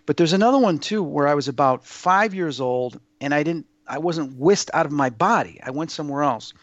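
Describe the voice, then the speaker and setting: Animated and fairly quick, this man's voice sits on the high side, and the recording is dry and dull. As an interview guest sharing personal experiences, he rambles earnestly through casual stories, often restarting and using fillers.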